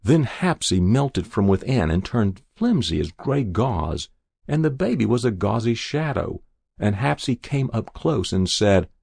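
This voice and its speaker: A man reads literary fiction in a measured, expressive way. His low voice is gravelly and a little husky, and it moves through a wide pitch range. The sound is dry and close, with no room echo. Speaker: narrator. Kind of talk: scripted literary narration.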